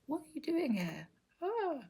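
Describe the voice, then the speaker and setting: A woman voicing a flustered, timid male monk in a whispered role-play, with startled squeaky outbursts. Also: animated, quick pace, husky. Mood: panicked.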